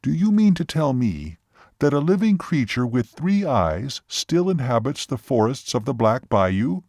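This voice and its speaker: A lively young waitress tells her story earnestly, with a hint of teasing, in a slightly raised voice, as a male narrator reads her part. Her delivery is animated and wide-ranging. The recording is dry and close. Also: mid-range voice, a little slow, no room sound.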